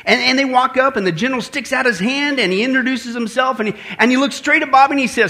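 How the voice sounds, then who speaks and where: A man's voice: very high-pitched, fast, hardly any pauses, sharp tone. A man preaching as a pastor, joking with his congregation and hammering points through emphatic repetition. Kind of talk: sermon.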